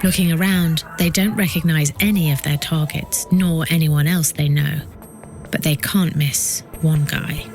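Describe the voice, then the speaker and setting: A woman with a lowish voice narrates a true-crime documentary from a script. Her delivery is measured and builds suspense between the interview clips. Music plays softly behind her. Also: fairly even intonation.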